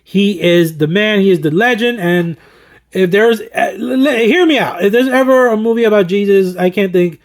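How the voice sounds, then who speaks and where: A slightly hoarse man talking enthusiastically through his favorite movies, rambling with fillers and chuckles. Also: sits high, normal speed. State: slightly hoarse, throat recovering. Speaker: movie collector and vlogger. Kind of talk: casual movie-ranking commentary.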